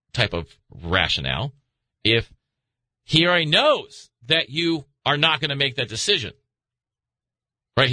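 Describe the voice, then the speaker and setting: A man hosting a late-night talk radio show, talking through a rambling, animated monologue. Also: dry recording. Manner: animated, rambling, acts out voices in high pitch.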